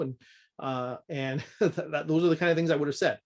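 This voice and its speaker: A man's voice: on the high side, normal speed, pauses often. A man from Canada teaching a budgeting course in a casual, candid, self-deprecating way.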